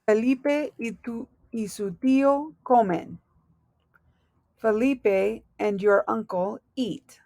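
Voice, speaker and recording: Slow, gravelly-voiced woman teaching Spanish. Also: a little high, darkish tone, dry recording, clean studio sound. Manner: slow, patient, spells out endings letter by letter. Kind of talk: recorded classroom lesson.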